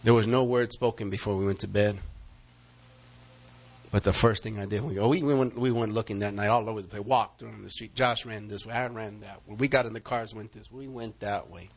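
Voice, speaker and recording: A man preaching and telling a story to his congregation in an animated way, acting out loud calls. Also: fairly low pitch, fairly quick. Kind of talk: storytelling sermon.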